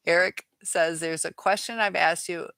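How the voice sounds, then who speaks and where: A middle-aged woman hosts a live chat, reading viewer comments aloud and pushing back on them. Her voice sits a little low and sounds dry, with no room around it. She speaks frankly and sounds fed up. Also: slow pace, vocal fry, fairly bright tone, no echo.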